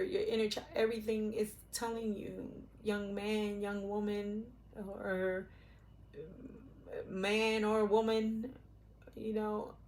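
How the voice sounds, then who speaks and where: A middle-aged woman gives an intuitive tarot reading at an unhurried pace. Her speech wanders, full of fillers and restarts and the odd casual swear, and it sinks soft and emotional at times. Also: medium pitch, vocal fry. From Puerto Rican, raised in Brooklyn and Philadelphia. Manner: rambling and searching, many fillers and restarts, casual cussing. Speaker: tarot reader.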